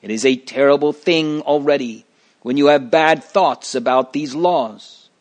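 A man's voice: a little high, unhurried, a little mellow, lightly acted. A man voicing a stern condemning judge. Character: stern harsh male judge condemning a prisoner.

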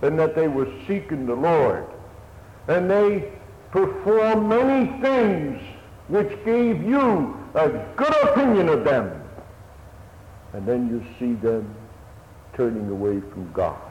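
A man's voice: a little high, expressive, takes it slowly, a little mellow. A man preaching a sermon in an earnest, old-fashioned manner, his voice swelling and dropping. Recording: echoey hall, dull lo-fi sound, faint hiss.

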